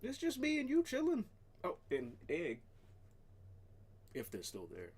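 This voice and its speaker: A man's voice: high-pitched, unhurried, husky. A man streaming live, ranting casually and swearing a lot, sometimes talking to his cat. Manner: animated, profane, talks to his cat. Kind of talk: casual livestream rant.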